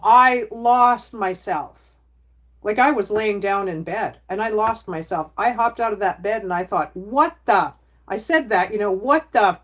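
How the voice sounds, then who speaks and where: A middle-aged woman chatting candidly with her viewers on a casual livestream. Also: mid-range voice. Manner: candid, talks straight to chat, plain-spoken.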